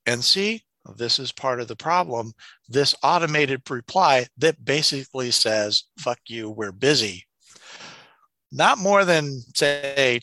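A man talking in a bright, forceful voice that sits close and dry on the mic. He co-hosts a casual podcast and tells animated stories, working himself into rants with some profanity. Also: medium pitch, no room sound. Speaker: podcast co-host. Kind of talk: casual chat.

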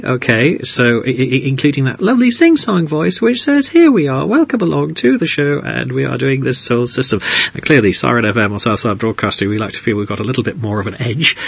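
A man's voice: mid-range voice, gravelly, fairly bright tone, husky, no echo. A man hosting a radio interview, rambling and wry, with many restarts. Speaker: radio host.

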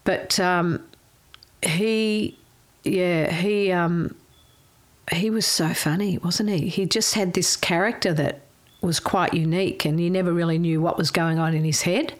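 A woman's voice: on the low side, fairly even intonation, a little slow. A middle-aged woman, a former chef telling rambling stories in a casual chat and laughing often.

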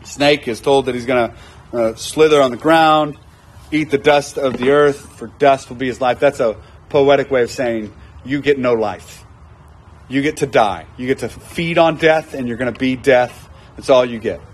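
A man's voice: medium pitch, moderate pace. A man preaching a conversational sermon, acting out quoted voices and repeating lines for emphasis. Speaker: pastor.

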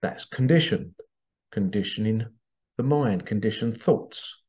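A man's voice: fairly low pitch, a little slow, a little mellow, dull audio. A man hosting a podcast, talking in a loose, rambling monologue with frequent restarts and laughs. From Britain. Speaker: podcast host. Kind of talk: casual monologue.

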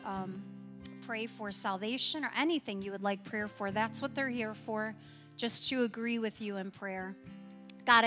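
Woman pastor, sermon delivery, somewhat high voice, emphatic and repetitive, long hall reverb. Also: a bit bright. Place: church sanctuary.

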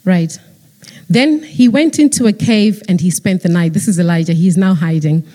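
A woman preaching a sermon, retelling a story in lively fashion and acting out the characters. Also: on the low side, normal speed. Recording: long hall reverb.

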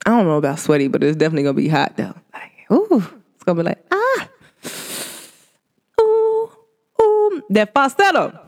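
A chatty spiritual reader gives a casual energy reading straight to the listeners. The voice sits in a middle pitch but swings widely up and down, with drawn-out hums between thoughts and sudden high jumps into laughter. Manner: chatty and animated, addresses listeners directly.

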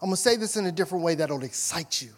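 Emphatic high-voiced male pastor preaching. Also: lively intonation, very fast. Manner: emphatic preaching, rising to loud questions, dropping to soft asides. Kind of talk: sermon.

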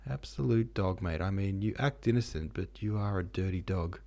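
A man's voice: sits low, normal speed, creaky, mellow. A man voicing a gossipy, cynical viscount in a storybook reading, bawdy and mocking.

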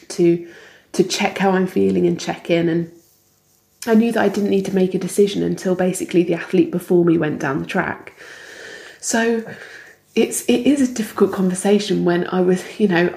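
Gravelly, dark-toned woman, echoey room. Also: on the low side. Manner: candid, halting, with frequent restarts and soft laughs. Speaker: interview guest, Olympic athlete. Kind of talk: reflective conversational interview.

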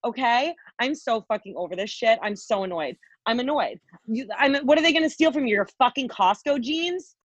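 A woman's voice: fairly high pitch, lively intonation, a little fast, few pauses, no room sound, lo-fi sound. A woman co-hosting a podcast, ranting heatedly with constant swearing and filler likes. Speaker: podcast co-host. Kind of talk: angry political rant.

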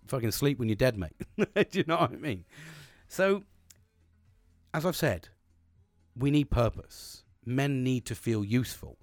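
A man's voice: medium pitch, darkish tone, dry recording, studio quality. A British man talking in a rambling, earnest monologue, swearing constantly. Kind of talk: casual monologue.

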